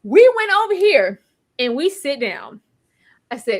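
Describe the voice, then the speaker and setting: A woman co-hosting a TV review show in casual chat, animated and exclaiming, laughing and bursting into near-yells as she reacts. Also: high voice, measured pace, long pauses. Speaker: TV review podcast co-host.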